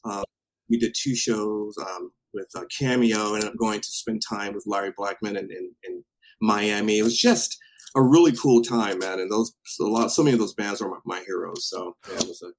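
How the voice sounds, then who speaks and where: A man casually telling a story from his past, animated and acting out what people said, with some swearing. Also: lowish voice, moderate pace, rough recording. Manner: animated, acts out quotes, swears.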